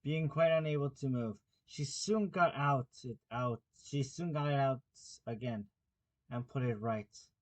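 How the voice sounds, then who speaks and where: A man reads a children's classic aloud as an amateur audiobook narrator. His delivery is plain and unhurried, with the odd slip and restart along the way. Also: medium pitch. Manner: plain, unhurried reading with small slips and restarts. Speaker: audiobook reader.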